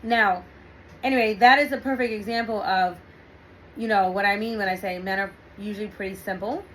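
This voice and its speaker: A middle-aged woman hosting a relationship talk, telling a personal story in a chatty, animated way with frequent laughs and fillers. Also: mid-range voice, a little fast, slight background noise, poor audio. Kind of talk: casual storytelling monologue.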